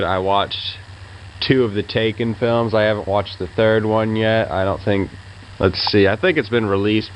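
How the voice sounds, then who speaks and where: A deep-voiced man talks through his movie opinions in a loose, rambling way, stopping often for fillers. His verdicts are offhand and laid-back. A faint hiss of noise sits under the recording. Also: rough recording. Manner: rambling, hesitant, lots of fillers. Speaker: film reviewer. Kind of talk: casual spoken reviews.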